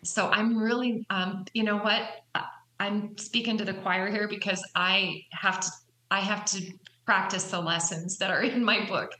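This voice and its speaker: A woman author speaks as an interview guest, candid and earnest. Her voice is bright and tense, and the recording has a roomy echo. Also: medium pitch, fairly even intonation, moderate pace. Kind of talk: conversational interview.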